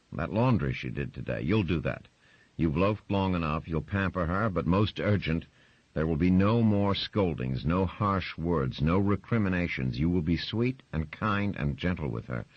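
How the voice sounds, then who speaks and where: A man's voice: deep voice, slightly rough, no echo, pitched above the performer's own voice, exaggerated voice. A man as a stern, commanding patriarch. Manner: firm, measured and lecturing. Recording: dry, slightly muffled recording.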